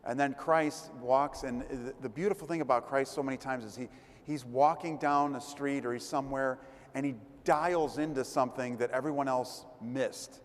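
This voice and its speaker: A man's voice: medium pitch, fairly even intonation, moderate pace. A man giving a conversational sermon as a priest, retelling gospel stories and acting out the crowd's voices. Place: church. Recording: long church reverb.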